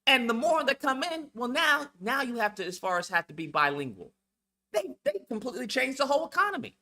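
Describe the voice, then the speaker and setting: High, lively man on a profane rant. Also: a little fast. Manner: profane, blunt, repetitive, lecturing. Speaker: channel host. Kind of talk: heated monologue rant.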